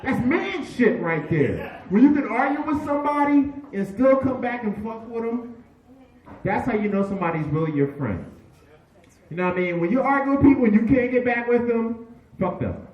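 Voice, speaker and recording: A man emceeing a comedy tribute show, loud and profane, hyping the crowd between stories. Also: very high-pitched, very animated, normal speed, far from the mic, dull audio. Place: comedy bar stage with audience. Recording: echoey room, mic from afar, crowd.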